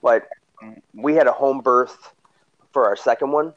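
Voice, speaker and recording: A man casually telling a story, animated, acting out what people said with sudden loud, high bursts. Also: measured pace, muffled recording.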